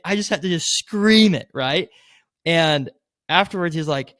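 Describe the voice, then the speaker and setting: On a podcast, a male guest rambles through a sales story, leaning heavily on "like" and other fillers, acting out what people told him and getting loud as he retells it. His voice is a little high and unhurried, in clean studio sound with no room noise.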